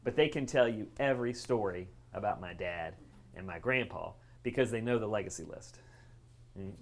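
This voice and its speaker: A middle-aged man telling stories to a live audience at a care event, animated, jumping up in pitch when he quotes people. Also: normal speed. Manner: lively storyteller, voices quotes with big pitch jumps. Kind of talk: storytelling talk to a live audience. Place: event room near train tracks.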